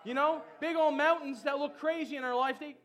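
A man preaching a lively sermon, chatty with many fillers and breaking into shouted calls to the congregation. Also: extremely high pitch, a little fast. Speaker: pastor.

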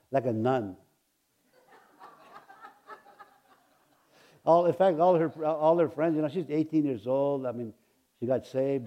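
Male preacher, high and mellow, loud exclaiming then low confiding asides, stammering restarts, talks straight to the pews. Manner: stammering restarts, chuckles, addresses the congregation. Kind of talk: sermon.

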